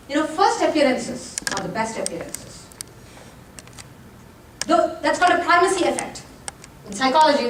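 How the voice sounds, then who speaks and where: High-voiced woman lecturing in a roomy hall. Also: a bit bright. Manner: direct, joking asides to the audience. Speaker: college lecturer giving a workshop talk. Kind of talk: lively presentation talk. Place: presentation room with an audience. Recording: roomy, distant, faint background noise.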